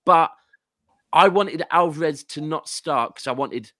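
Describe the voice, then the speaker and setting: A man's voice: fairly high pitch, a little slow, pushed and bright, no echo, clean studio sound. A man with a southern English accent, a guest football fan ranting animatedly and swearing in casual podcast chat. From southern England.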